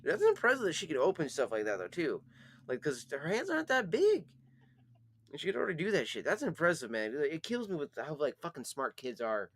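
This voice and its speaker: A man's voice: a little high, sing-song, a little fast, a little hiss or hum. A young man, hosting his channel, chatting casually, laughing often and swearing freely. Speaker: channel host. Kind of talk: casual chat.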